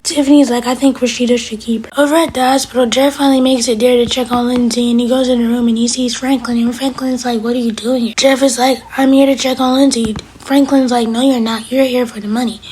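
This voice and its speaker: A woman's voice: on the high side, darkish tone, slightly rough, rough recording. A woman hosting her own channel, casually retelling a TV episode scene by scene. She quotes each character's lines in much the same voice as her own narration. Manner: rapid retelling that quotes characters in a barely changed voice. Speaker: TV episode reviewer and channel host.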